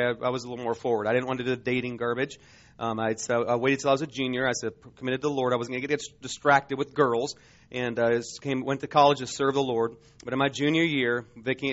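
Male preacher, forties, mid-pitched voice, emotional halting delivery, slightly dull recording. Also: a bit bright. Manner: halting, emotional storytelling with many restarts. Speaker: missionary preacher. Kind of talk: sermon testimony.

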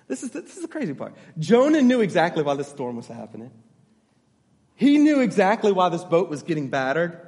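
A man's voice: high voice, in a large hall. A man pastor delivering a sermon, emphatic, repeating his key phrases and checking in with the congregation.

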